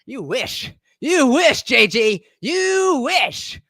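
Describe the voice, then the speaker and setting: A man live streaming, chatting casually with his audience, hyped and shouty, profane, dropping to mumbled asides. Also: very high-pitched, sing-song, drawn-out words, creaky, no echo, clean studio sound.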